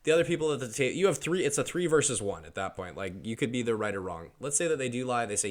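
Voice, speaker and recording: A man as a podcast guest, speaking calmly and measured, with many short agreeing replies. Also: medium pitch. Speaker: guest, tournament player. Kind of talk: casual chat.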